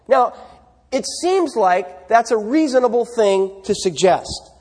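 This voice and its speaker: A man's voice: extremely high pitch, expressive, takes it slowly, a little mellow, in a large hall. A man preaching a sermon, talking in a conversational way and putting questions to his congregation. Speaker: pastor.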